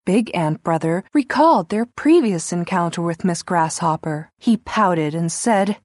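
A woman narrating a children's storybook in a gentle, expressive way. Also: on the low side, a little slow, no room sound, studio quality.

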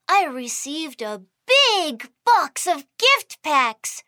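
Super high sweet cartoon panda girl, bubbly and sing-songy, talks slow and clear, dry close sound. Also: sharp tone, no echo, full character voice. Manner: bubbly, sing-song, addresses the viewer directly. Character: cheerful young female panda, sweet and curious. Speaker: cartoon host character. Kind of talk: children's cartoon voice acting.

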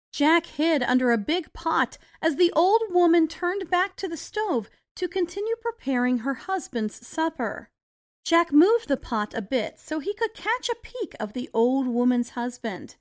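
A woman narrating a children's storybook in a deliberate, expressive way. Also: sits high.

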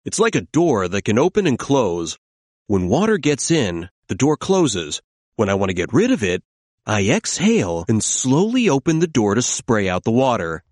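Brief: man as a calm fireman elephant, lively up-and-down delivery, dry close sound. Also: mid-range voice, moderate pace, no echo. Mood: explaining. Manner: calm, reassuring and explaining. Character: calm kindly male elephant firefighter. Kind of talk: children's storybook acting.

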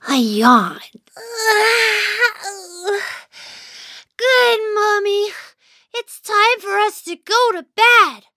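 A woman voicing a sleepy, patient young child who narrates a children's cartoon, in a gentle storytelling manner. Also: extremely high pitch, very animated, slow pace, no echo, clean studio sound, heavily acted. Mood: narrating.

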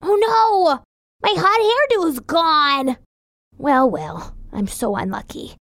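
A woman's voice: high voice, expressive, slow pace, a bit bright, no echo, studio quality, heavily acted. A woman voicing a proud, cocky little male fire elf who gives confident advice in a children's storybook. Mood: dismayed. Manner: confident, a bit boastful.

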